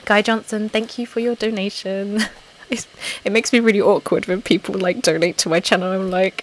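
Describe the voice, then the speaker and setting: A woman's voice: mid-range voice, fairly even intonation, moderate pace, poor audio. A woman chatting casually on a live stream as an ASMR channel host, reading out comments, giggly and self-deprecating. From England (Essex). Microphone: desktop microphone. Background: laptop fan noise.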